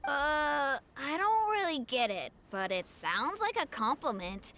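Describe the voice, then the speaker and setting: A woman's voice: high-pitched, unhurried, exaggerated voice. A woman voicing an eager, naive young boy in a video game. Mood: puzzled. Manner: excited and naive.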